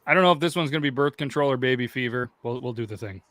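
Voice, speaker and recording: A man with a mid-pitched, even voice chats on a casual podcast, relaxed and slipping in dry one-liners. The recording is dry and close. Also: rapid-fire, no echo. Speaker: podcast co-host. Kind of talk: casual banter.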